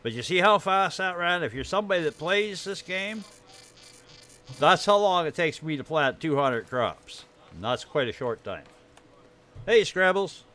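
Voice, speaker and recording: A man's voice: a little high, animated, a little slow, pushed and bright. A man streaming a game live, rambling casually about his farm build, his throat dry and irritated. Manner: rambling, chatty, greets viewers while showing his build.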